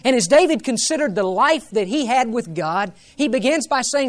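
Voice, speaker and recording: A man's voice: very high-pitched, animated, normal speed, few pauses. A male pastor preaching a sermon in an earnest, reverent way, building to emphatic rises.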